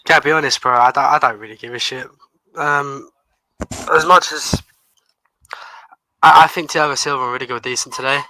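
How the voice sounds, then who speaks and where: Young male co-host, weary and grumbling, sharp bright tone, dry close sound. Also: mid-range voice, steady tone, quick pace, no echo, poor audio. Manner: weary and annoyed, trailing off, with many restarts. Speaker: co-host on a fan stream. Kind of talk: casual post-match fan chat.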